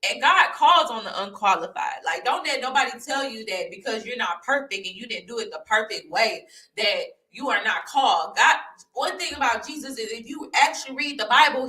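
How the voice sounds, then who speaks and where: Fervent young woman, bright and echoey. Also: on the high side, animated, normal speed, recorded from a distance. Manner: fervent, addresses viewers as y'all, repeats phrases. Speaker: vlogger sharing her testimony. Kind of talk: emotional personal testimony to camera. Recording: echoey room, voice off-mic.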